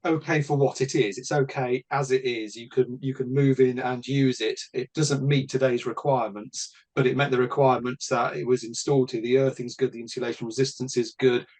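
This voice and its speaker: A man's voice: medium pitch, fairly even intonation, brisk, few pauses, darkish tone. A man from Britain talking casually as a podcast host, bluntly and with frequent swearing and restarts.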